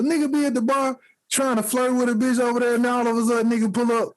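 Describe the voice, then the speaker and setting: His voice is extremely high-pitched and his pace quick as he co-hosts a podcast. In casual chat he tells lively stories, doing voices for the people in them and laughing a lot.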